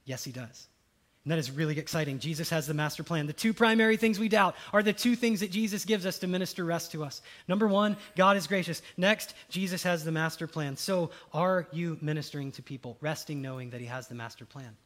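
A man preaching a sermon, rising to loud exclamations and dropping to hushed quotes. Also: a little high, fairly quick.

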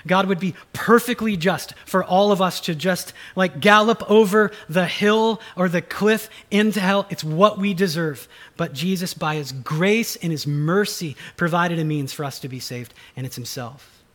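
A man's voice: high voice, measured pace, a bit bright. A man preaching a sermon, reading scripture and then explaining it earnestly and with emphasis. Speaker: pastor.

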